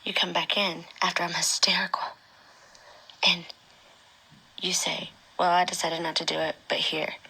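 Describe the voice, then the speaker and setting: A woman speaking an emotional personal testimony straight to her former partner, often dropping to a hushed whisper. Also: on the low side, flat delivery, moderate pace, gravelly, long pauses, breathy edge, rough recording. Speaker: mother recounting her own experience.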